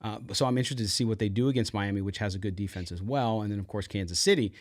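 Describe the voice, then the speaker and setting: A man's voice: lowish voice, very fast, no room sound, studio quality. A man hosting a sports podcast in casual talk, full of asides.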